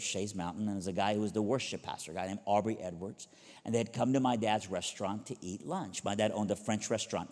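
A middle-aged man from Iran preaching, telling a story with lively, acted-out dialogue. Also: on the low side. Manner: animated storyteller acting out dialogue with big vocal jumps. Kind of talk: storytelling sermon. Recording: long hall reverb.

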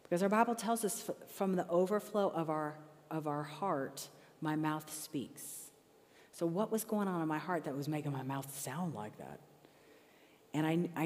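Storytelling woman with a lowish voice in a reverberant hall. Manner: conversational, animated retellings of her own arguments. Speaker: Christian speaker. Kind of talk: personal storytelling talk.

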